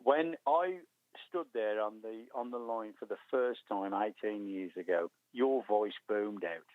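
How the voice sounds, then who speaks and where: A man's voice: on the low side, a little slow, no room sound. Older Black Country man, phone-in guest, keen storyteller; thin telephone sound. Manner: eager, rambling storytelling. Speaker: guest runner. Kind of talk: phone-in radio chat. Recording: tinny phone line.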